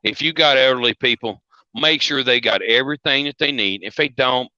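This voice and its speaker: A man's voice: medium pitch, a little fast, bright, forceful tone, no echo. Blunt man on a dull, dry call line. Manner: blunt, urgent pleading. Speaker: call-in guest. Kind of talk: casual chat.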